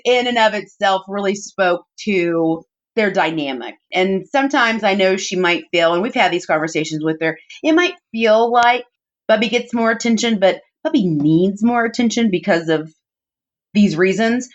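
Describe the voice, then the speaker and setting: A woman's voice: mid-range voice, animated, moderate pace. A woman, a podcast guest, telling personal family stories in a chatty, heartfelt way, with plenty of "like" and "you know" fillers. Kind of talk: personal storytelling in conversation. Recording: dull muffled audio.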